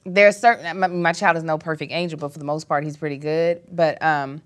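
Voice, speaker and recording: A young adult woman co-hosting a casual panel chat, telling stories with animated delivery and acting out her son's voice. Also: low-pitched, a little fast. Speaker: co-host.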